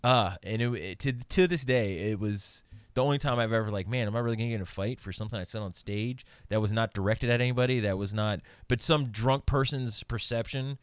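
A man's voice: lowish voice, fairly quick, clean tone, no echo. A man who is a comedian, a guest telling a story casually and animatedly, swearing and acting out the people in it. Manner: animated storyteller, swears, restarts, acts out others.

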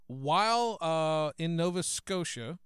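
A man with a bright, forceful, fairly high voice co-hosts a podcast in loose, profane banter. He tells his stories in a rambling way, and the sound is dry and close. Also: lively intonation, takes it slowly, smooth, dry recording. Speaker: podcast co-host. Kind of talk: casual chat. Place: small podcast studio.

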